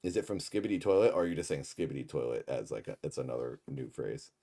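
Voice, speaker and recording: A man's voice: a bass voice, big pitch swings, fast, vocal fry, warm tone. A man hosting a livestream, rambling and joking while reading chat messages. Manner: rambling, jokey, reads chat aloud. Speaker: livestream host. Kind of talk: casual livestream chat, reacting to a show.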